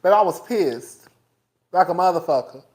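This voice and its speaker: A man's voice: high-pitched, normal speed. A man hosting a casual live-stream commentary, chatty and profane, laughing often and talking straight to his viewers. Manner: animated, profane, laughs often between remarks; chatty, talks straight to viewers as "girl" and "y'all". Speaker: host.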